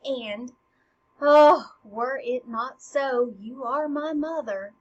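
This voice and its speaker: Woman reading a fired up young prince, snappy and loud, kinda dull recording. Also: high-pitched, takes it slowly. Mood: indignant. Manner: snapping, emphatic delivery. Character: young prince, fired up and sassy toward his mother. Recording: slightly dull with faint hiss.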